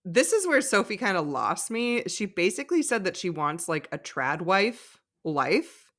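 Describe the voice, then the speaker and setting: A woman's voice: lowish voice, sing-song, measured pace, fairly bright tone. A woman co-hosting a podcast, giving opinionated commentary on a reality show with frequent giggles. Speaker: podcast co-host. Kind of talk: casual chat recapping a reality show.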